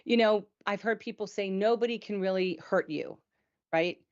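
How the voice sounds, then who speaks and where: A woman's voice: medium pitch, moderate pace, a little mellow. Reflective woman, muffled call audio. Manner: reflective, talks at length with frequent "right?" and "you know". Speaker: co-host of a patient support show. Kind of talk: candid conversational chat.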